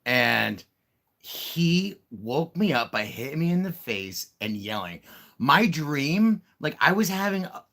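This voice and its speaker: A man's voice: a little high, very animated, slow, vocal fry, sharp tone. A man casually chatting on a comics livestream, rambling through stories and talking to his cat. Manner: rambling, talks baby-talk to his cat. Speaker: podcast co-host.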